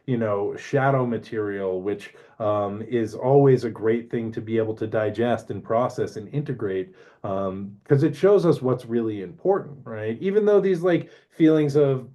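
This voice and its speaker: A man with a mellow, warm voice musing casually about spiritual growth. His talk rambles, is full of fillers, and he keeps checking in with "right?" His pitch sits right in the middle. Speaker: astrology podcast host.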